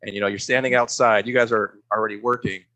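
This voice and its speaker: A man telling a story as a guest on a casual podcast, halting and restarting as he goes. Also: fairly low pitch, steady tone, bright, forceful tone, poor audio. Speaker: guest, former stand-in.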